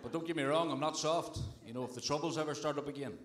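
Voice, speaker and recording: A young man with a Northern Irish accent doing a stand-up set, deadpan and swearing, with crowd work. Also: fairly high pitch, fast talker, slight background noise. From Northern Ireland. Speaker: stand-up comedian. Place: comedy club stage. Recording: roomy live club with crowd.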